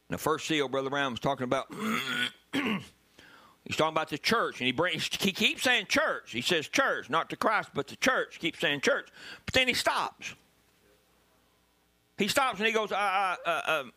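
A man preaching a sermon as pastor, animated and bursting into loud emphasis. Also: on the high side, normal speed.

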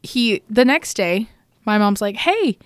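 A young woman, co-hosting a podcast, telling a story in a lively way, laughing often and acting out what people said. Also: medium pitch, slow, clear, resonant tone, no echo, studio quality. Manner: animated, laughs often, acts out quotes. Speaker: podcast co-host. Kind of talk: casual chat, storytelling.

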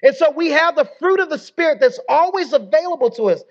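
A man's voice: extremely high pitch, animated, brisk, dull audio. A male pastor preaching a sermon, leading his congregation in call-and-response and dropping in folksy, conversational asides.

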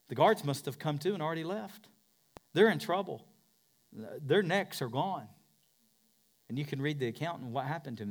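Pastor guy preaching hard, mid pitch, goes from yelling to whispering, repeats his lines. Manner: dramatic preaching, swinging from shouts to hushed whispers; repeats phrases for emphasis. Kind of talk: sermon.

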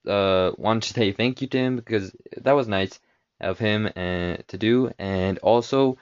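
Guy hosting his own podcast, kinda rambly with lots of uh, lowish voice, muffled recording. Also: a little slow, clear, resonant tone. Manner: rambling, with frequent fillers and restarts. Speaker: podcast host. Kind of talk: casual solo podcast. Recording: dull lo-fi home recording.

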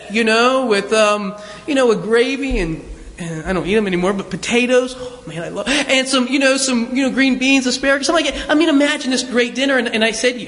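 A man's voice: sits high, a bit bright, in a large hall. A man preaching a sermon as pastor, talking conversationally with rhetorical questions and repeated words.

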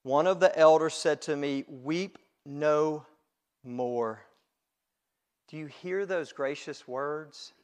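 Emphatic high-voiced male preacher, slow. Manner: emphatic, rising to loud peaks then dropping low. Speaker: pastor. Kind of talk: sermon.

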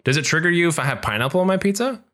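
A man co-hosting a casual chat, excitable and joking, tumbling through self-corrections. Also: on the high side, rapid-fire. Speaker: podcast co-host.

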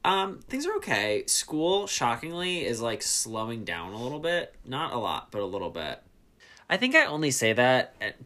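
Bright-voiced young man chatting casually. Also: fairly low pitch. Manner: chatty, swears casually, quick asides. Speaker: podcast co-host. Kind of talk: casual chat.

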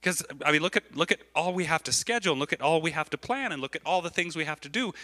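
A man preaching a sermon as a pastor in church, animated and repetitive, often checking in with his listeners. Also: fairly high pitch, fairly quick. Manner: animated, repeats phrases, keeps asking the crowd "right?".

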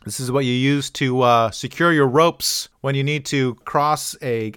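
This is a man running a casual pronunciation walkthrough, tossing in dry jokes at his own expense. His voice leaps around in pitch as he explains. The recording is dry and close, with no room sound. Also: sing-song, measured pace, hardly any pauses, a bit bright, dry recording. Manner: wry, offhand asides and self-mockery. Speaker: host of a pronunciation channel. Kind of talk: casual talk-through with jokes.

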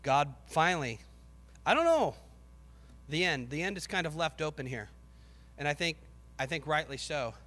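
A man preaching a sermon with passion, rising to shouts and acting out the voices of biblical figures. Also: sits high, big-room sound.

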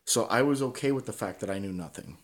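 Man, low voice, candid podcast guest, casual storytelling, swears a lot, keeps asking "right?". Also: animated, quick pace.

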